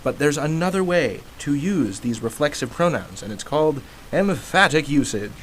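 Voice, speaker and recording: A man's voice: a little high, expressive, moderate pace, a bit bright, a little hiss or hum, low-quality recording. A man teaching grammar in a casual educational video, chatty, acting out example sentences with emphasis.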